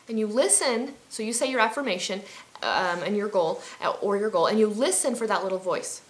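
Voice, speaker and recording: In a reverberant recording, a woman with a medium-pitched, fairly bright voice talks a little fast. She's a healing coach hosting an instructional self-help video, speaking in a friendly, chatty way with fillers and restarts.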